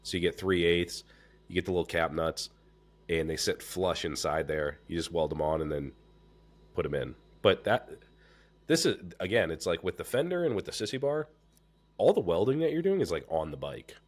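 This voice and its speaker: A man hosting a podcast in casual chat, congested and stuffed up, talking in a relaxed way with lots of fillers and swearing. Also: sits low, normal speed. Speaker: podcast host.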